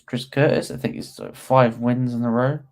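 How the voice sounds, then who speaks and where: A man's voice: mid-range voice, level tone, normal speed. A young man hosting a fight watch-along, chatting casually to his viewers and stumbling over his words as he comments.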